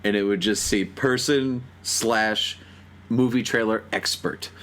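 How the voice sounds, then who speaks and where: A man's voice: on the low side, slow, fairly bright tone. A young man hosting a podcast in casual chat, laid-back and chuckling, with many fillers. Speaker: podcast host.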